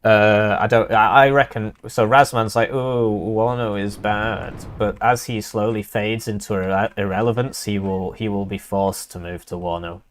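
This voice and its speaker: A man's voice: lowish voice, steady tone, moderate pace, few pauses, slight background noise. A young man casting a live strategy game match, casual and rambling with lots of fillers. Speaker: caster.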